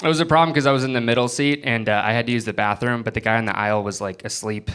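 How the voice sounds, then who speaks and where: Audience laughter fills the room as a young man from Florida does stand-up at a comedy club. He acts out people in quick bits, animated and switching to a high pitch for each impression in front of the live audience.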